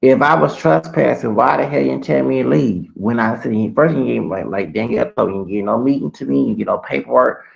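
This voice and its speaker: A man with a gravelly, fry-heavy voice rants through a personal story, circling back and repeating himself. The sound is dull and lo-fi, and his level keeps jumping between loud bursts and low mutters. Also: fast talker, hardly any pauses. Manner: heated, rambling, repeats himself, swings loud and soft. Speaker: vlogger. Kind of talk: ranting personal story to camera.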